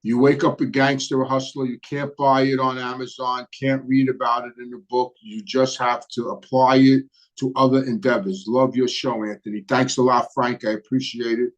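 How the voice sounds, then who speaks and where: Brooklyn-accented man, relaxed rambling chat. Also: medium pitch, normal speed. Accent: Brooklyn New York. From New York. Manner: relaxed and rambling, many hesitant fillers. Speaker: host. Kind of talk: casual live-stream chat answering viewer questions.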